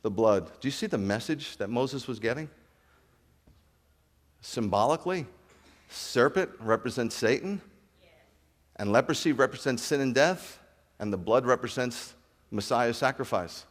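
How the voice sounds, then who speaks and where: A man preaching a sermon as a rabbi, animated, acting out dialogue and asking his congregation questions. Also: mid-range voice, unhurried, long pauses, long reverb tail. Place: congregation hall.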